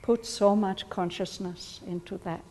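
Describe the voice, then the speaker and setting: Woman, study group leader, slow thoughtful delivery, warm mellow tone, long hall reverb. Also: mid-range voice, fairly even intonation. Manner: slow, thoughtful, gently explaining. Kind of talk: reflective group discussion.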